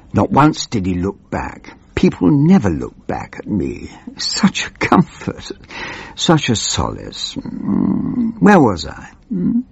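A man playing a doddering, pompous old politician who rambles and loses his thread, in a gravelly, husky voice. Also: mid-range voice, dry recording, highs cut off, full character voice. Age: older. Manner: meandering, wandering off and losing his thread. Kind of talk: comic character monologue.

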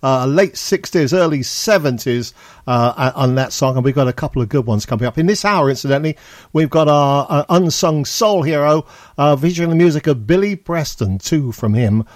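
A man presenting a radio show, talking easygoing and chatty between records with a halting delivery. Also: on the high side, expressive, no room sound, clean studio sound. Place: radio studio. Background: faint music.

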